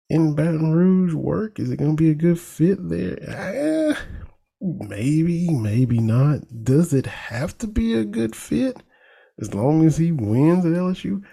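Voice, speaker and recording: A man with an Eastern Kentucky country accent talks sports in a loose, folksy way. His voice is gravelly and dark in tone, with a mid-range pitch. He sounds like a talk host riffing on the news. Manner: folksy, animated, laughs at his own jokes. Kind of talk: casual sports commentary.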